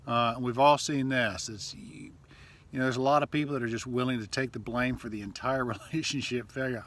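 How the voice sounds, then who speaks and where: A man's voice: medium pitch, fairly even intonation, fairly quick, a bit bright. A man giving relationship advice as a coach, talking loosely with fillers and acting out sample texts. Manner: conversational, loose, with frequent fillers and acted-out text examples. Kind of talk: casual advice video to camera.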